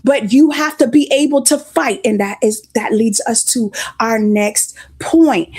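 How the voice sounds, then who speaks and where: A woman's voice: fairly high pitch, a little slow, hardly any pauses, a little mellow, slightly rough. A woman preaching a conversational sermon, a little congested, greeting listeners by name as she goes.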